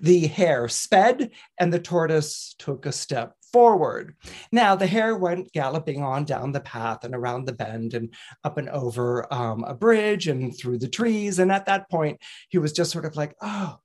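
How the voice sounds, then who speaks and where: Chatty astrologer guy telling a fable, really lively voice, chuckles a lot. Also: a little high, measured pace. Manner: animated, chuckling, conversational. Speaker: horoscope columnist, astrologer. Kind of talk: casual storytelling talk.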